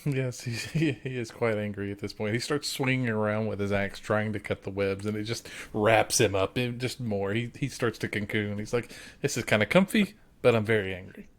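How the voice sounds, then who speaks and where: A man's voice: lowish voice, fairly even intonation, normal speed, few pauses. A man playing a character in a tabletop game, chatting playfully and laughing often. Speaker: player. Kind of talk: casual game chat.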